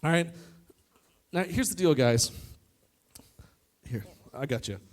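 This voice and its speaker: Lively, joking youth pastor. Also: male voice, fairly high pitch, slow. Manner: lively, joking, talks straight to the crowd. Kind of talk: youth sermon with live demonstration. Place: church youth service in front of an audience.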